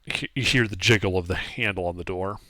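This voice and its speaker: A man's voice: low voice, fast talker, no echo, studio quality. A man running a live tabletop game as game master, talking casually and setting scenes for his players. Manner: runs the scene in a relaxed, conversational way.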